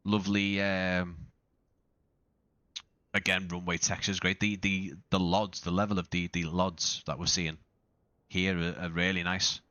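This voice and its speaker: Casual flight-sim streamer, a man with a low, bright voice on a dry close mic, who talks in loose, self-correcting bursts. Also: level tone, a little slow, no echo. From not Australian. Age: adult father. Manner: rambling, self-correcting, with frequent restarts and fillers. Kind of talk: casual live-stream commentary.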